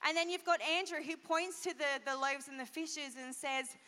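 A woman pastor giving an animated children's sermon, asking the kids questions. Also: high voice, normal speed. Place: church hall. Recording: long church hall reverb.

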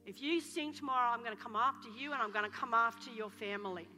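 A menacing evil spirit speaks low, cold threats, voiced by a woman preacher. Its voice sits a touch higher and brighter than most, and it rings through a large reverberant hall with quiet music underneath. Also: quick pace.

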